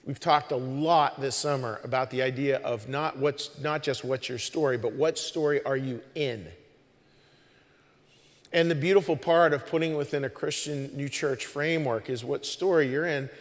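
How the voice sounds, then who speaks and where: A male pastor talks to his congregation from a church stage in a loose, conversational way, often restarting his sentences and adding "you know". His voice is of middling pitch, and a long hall reverb trails after it. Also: moderate pace. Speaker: pastor hosting the service. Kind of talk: informal sermon talk to a congregation.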